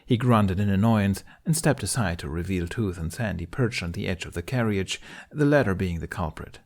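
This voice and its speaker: A man reading a fan story aloud, narrating calmly and evenly. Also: sits low, normal speed. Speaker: podfic reader.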